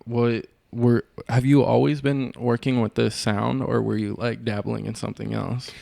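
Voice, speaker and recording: A man's voice: mid-range voice, little pitch movement, moderate pace, gravelly, warm tone, dry recording. A man hosting a podcast, asking casual interview questions, cursing loosely and filling with "like". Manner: casual, swears freely, fills with "like". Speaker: podcast host.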